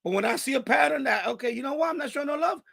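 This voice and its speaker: A man's voice: very high-pitched, animated, rapid-fire, creaky, a bit bright. A man hosting a live stream, ranting angrily and profanely at a viewer in the chat. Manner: angry, profane, repetitive rant.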